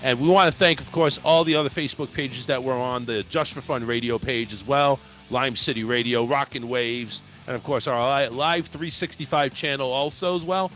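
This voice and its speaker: A man's voice: mid-range voice, normal speed, few pauses, fairly bright tone, faint music behind. A man hosting a talk radio show, chatting casually in a laid-back, joking and rambling way.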